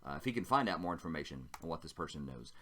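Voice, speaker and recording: A man's voice: very deep voice, sing-song, racing, bright, forceful tone. A man narrating a solo tabletop role-playing game, chatting casually and thinking aloud as he rolls dice.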